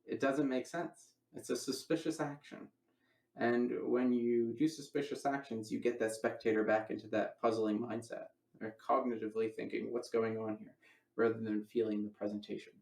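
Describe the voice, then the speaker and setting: Gravelly man teaching magic in an echoey room. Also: mid-range voice, flat delivery, moderate pace, a little mellow, recorded from a distance. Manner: rambling, self-correcting, demonstrating as he talks. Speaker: magic lecturer. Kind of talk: casual teaching demonstration.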